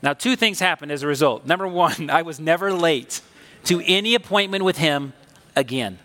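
A man with a high, bright voice delivers a sermon like a personal story, loose and conversational with emphatic swells. The long reverb of a church sanctuary hangs behind every phrase. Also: lively intonation, moderate pace. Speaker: pastor.

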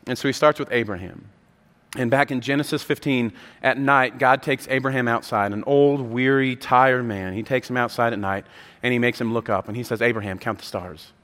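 A man's voice: mid-range voice, fairly even intonation, a little fast, a bit bright. A man preaching a sermon with passion, acting out the voices of the people in the story. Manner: impassioned, acts out the voices of the story. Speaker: pastor. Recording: long hall reverb.

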